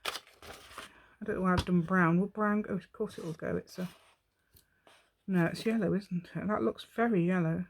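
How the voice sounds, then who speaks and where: A woman's voice: fairly low pitch, steady tone, moderate pace, creaky, pauses often. A woman giving a chatty craft demonstration at home, rambling and talking to herself while she works.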